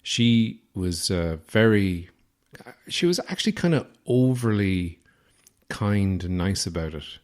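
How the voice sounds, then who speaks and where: Irish podcast host, lowish voice, rambling, self-deprecating comic storyteller. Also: male voice, lively intonation, slow pace.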